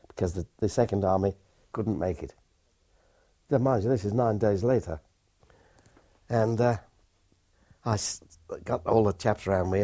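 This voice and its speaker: Older man, low husky voice, halting with restarts, dull lo-fi sound. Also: dark tone. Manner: plain and halting, with many restarts. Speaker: war veteran. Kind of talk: oral history recollection. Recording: dull lo-fi recording.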